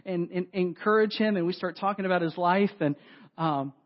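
A man preaching a sermon, telling a story with lively, self-deprecating asides to the congregation. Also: high voice, normal speed. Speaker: pastor. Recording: dull lo-fi audio.

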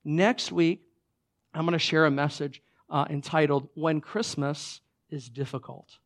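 A pastor in church with a hoarse, raspy voice from a cold. He sits a little higher than most men and keeps an easygoing, conversational delivery full of little fillers and restarts. It sounds like a sermon spoken to a live congregation. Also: fairly even intonation, a little slow. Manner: chatty and informal with many fillers and restarts. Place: church sanctuary before a congregation.

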